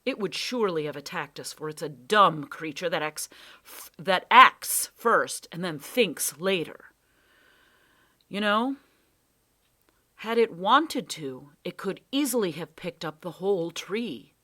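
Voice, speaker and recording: A woman voicing a calm, cautious older professor in a storybook reading. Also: fairly low pitch, exaggerated voice. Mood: reassuring. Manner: measured, hushed at times.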